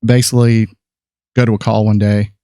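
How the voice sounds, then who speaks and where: Gravelly man in his fifties telling stories. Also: on the low side, flat delivery, fairly quick, warm tone, dry recording. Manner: rambling anecdotal storyteller, many fillers and restarts. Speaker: podcast guest, photographer. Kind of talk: casual storytelling chat.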